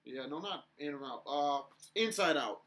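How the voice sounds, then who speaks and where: A young man co-hosting a casual podcast chat, telling stories in an animated way and acting out the shouting. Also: fairly high pitch, normal speed. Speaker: podcast co-host.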